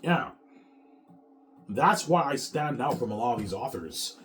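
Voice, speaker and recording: A man's voice: mid-range voice, animated, a little slow, a bit bright, soft background music. A man in his thirties, an author talking casually to his viewers in a rambling, profane rant, repeating words and tacking "man" onto his sentences. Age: 30s. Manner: repeats words and restarts often. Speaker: author vlogger.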